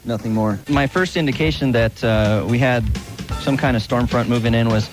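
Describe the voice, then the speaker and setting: A man's voice: mid-range voice, moderate pace. A man co-hosting a live radio countdown, joking his way through on-air mistakes. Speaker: radio DJ co-host. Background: music.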